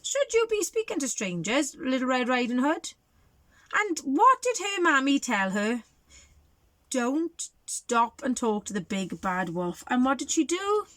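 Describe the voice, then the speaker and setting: A woman reading a picture book aloud to young children, animated and sing-song, asking them questions. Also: sits high, measured pace, no echo. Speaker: children's storyteller.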